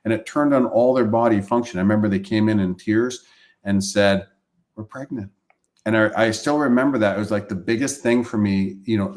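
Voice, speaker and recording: Low-voiced man telling emotional stories. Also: darkish tone. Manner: emotional, repeats himself, acts out quoted voices. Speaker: chiropractor and practice coach. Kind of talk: casual storytelling on a live webcast.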